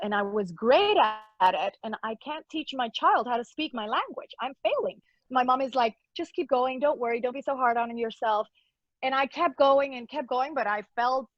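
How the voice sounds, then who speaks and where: A woman's voice: fairly high pitch, no room sound. A woman guest in a casual interview, talking in an effusive, upbeat way and laughing often. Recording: dull lo-fi dry sound.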